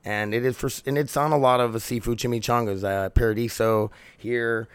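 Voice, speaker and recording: A man's voice: medium pitch, fairly even intonation, brisk, clean tone, no room sound. A man hosting a casual solo podcast from home, rambling, swearing freely and laughing often. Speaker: podcast host.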